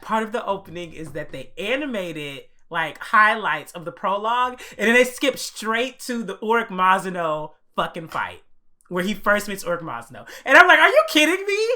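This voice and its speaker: A young man co-hosting an anime podcast, telling a story in an animated, profane way and acting out his own reactions. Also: high voice, normal speed. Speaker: podcast co-host. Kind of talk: casual podcast chat.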